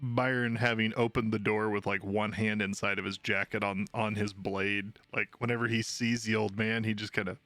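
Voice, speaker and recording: A man's voice: fairly low pitch, flat delivery, moderate pace, hardly any pauses, a bit bright, no room sound, soft background music. Joking man player, dry sound. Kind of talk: casual tabletop game chat.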